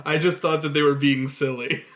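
A man co-hosting a casual podcast chat, relaxed and talkative, with plenty of fillers. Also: on the high side, moderate pace. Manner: relaxed, chatty, hesitant with fillers. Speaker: podcast co-host.

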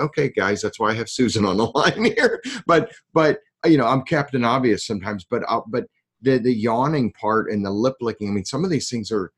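A man hosting a casual interview, talking in a halting way with frequent repeats and self-deprecating asides. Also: on the low side. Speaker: podcast host.

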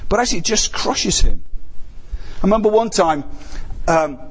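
Chatty preacher with a fairly high voice. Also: male voice, big pitch swings, moderate pace, breathy edge. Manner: conversational, rhetorical questions to the congregation. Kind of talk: sermon.

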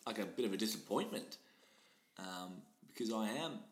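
A young man co-hosting a comedy podcast, tossing out dry quips and quick interjections. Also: lowish voice, lively intonation. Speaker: podcast co-host. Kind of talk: casual comedy podcast banter. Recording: roomy echo with faint noise.

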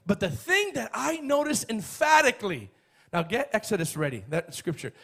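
A man preaching a sermon, emphatic and repetitive, building up to shouts. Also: high-pitched, sing-song, normal speed, creaky, slightly rough. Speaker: pastor.

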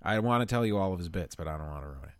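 A man's voice: low voice, animated, rapid-fire, no echo. A young man co-hosting a podcast in loose, profane casual chat, laughing often. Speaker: podcast co-host.

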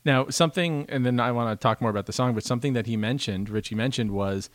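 Guy cohosting a podcast, jokey and rambly, mid pitch, dry close mic. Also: fast, no echo. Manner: chatty, joking, rambling. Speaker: podcast co-host. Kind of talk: casual chat.

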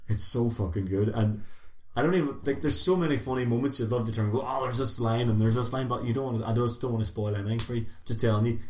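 A man's voice: medium pitch, fast. A man hosting a podcast with friends, chatting casually in a rambling, sweary way. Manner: swearing, rambling, laughs often. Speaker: podcast host. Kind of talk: casual chat. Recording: echoey room.

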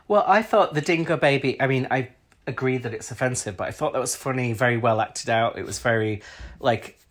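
Man from Britain, podcast co-host, opinionated, chatty, mid pitch. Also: fairly quick, fairly bright tone. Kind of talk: casual chat reviewing a TV episode.

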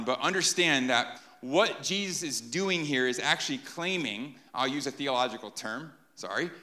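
A man preaching an animated sermon to a live congregation, often checking in with "right?". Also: medium pitch. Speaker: pastor.

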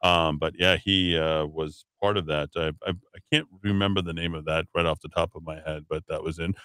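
A man hosting a radio talk show in a rambling, casual way, with lots of fillers and sudden jumps up in pitch when he hands over. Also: fairly even intonation, brisk, bright, forceful tone, clean tone, no echo.

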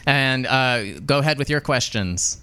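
Bright, clear-voiced male host. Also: medium pitch, animated, measured pace. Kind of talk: hosting live storytelling show.

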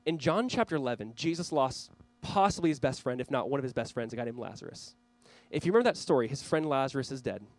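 A man's voice: medium pitch, lively intonation, fast, few pauses, no echo, low-quality recording. A man preaching a sermon as pastor, earnestly urging his listeners. He speaks straight to a camera for viewers watching online.

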